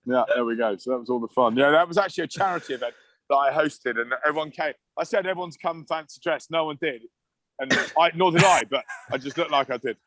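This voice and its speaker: A man's voice: on the high side, fast, a bit bright, no room sound. Man in his thirties, laughing storyteller, dry close sound, on a video call. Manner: chatty, laughing, self-deprecating storyteller. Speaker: interview guest, former rugby player. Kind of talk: casual anecdote on a podcast.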